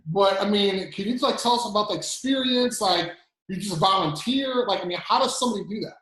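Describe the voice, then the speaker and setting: A man's voice: sits high, lively intonation, fairly quick, fairly bright tone, echoey room, rough recording. A man hosting a podcast interview, asking curious questions in a casual way. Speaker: podcast host.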